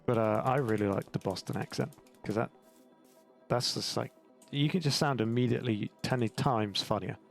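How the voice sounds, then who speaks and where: With game music playing in the background, a young Englishman with an English accent rambles through self-mocking commentary on his gameplay for his YouTube channel. He has a creaky, mid-range voice and talks at an ordinary speed.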